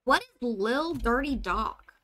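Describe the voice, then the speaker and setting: There's slight background noise as a young woman chats through her game stream, thinking aloud with frequent "like" and "um." Her voice sits a little high, sounding animated and a bit bright at a slow pace.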